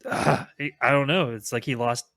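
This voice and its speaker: A man in his thirties co-hosting a podcast, talking in a halting way and often repeating words as he starts a thought. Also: medium pitch, fairly even intonation, a bit bright, no room sound, studio quality. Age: 30s. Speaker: podcast co-host. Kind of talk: casual chat.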